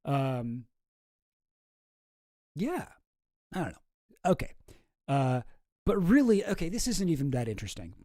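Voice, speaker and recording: A man's voice: fairly high pitch, sing-song, unhurried, pauses often, warm tone, dry recording, studio quality. A man chatting casually on a livestream in a rambling, offhand way that often trails off. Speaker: streamer and video creator.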